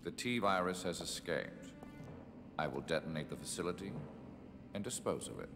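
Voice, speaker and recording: A man's voice: sits low, expressive, moderate pace. An actor playing a cold, ruthless male villain in a video game, giving clipped orders. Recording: game audio with long reverb and music.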